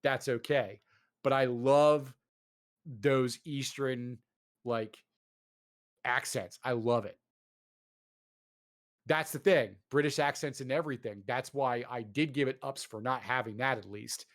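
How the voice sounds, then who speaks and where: Male host, mid-pitched, ranting loosely about games, cursing freely. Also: a little slow, long pauses. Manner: animated ranting, swearing, lots of fillers. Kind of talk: casual chat.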